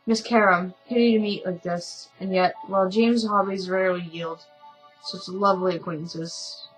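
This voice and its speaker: Male valet, cool, measured, polite, read by a woman, story game. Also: fairly low pitch, steady tone, faint music behind, close to an everyday voice, low-quality recording.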